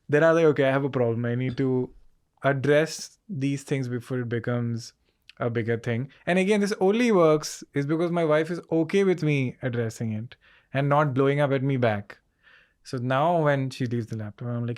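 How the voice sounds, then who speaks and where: A comedian in a casual interview, animated and acting out both sides of his conversations. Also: mid-range voice, moderate pace. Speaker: comedian guest.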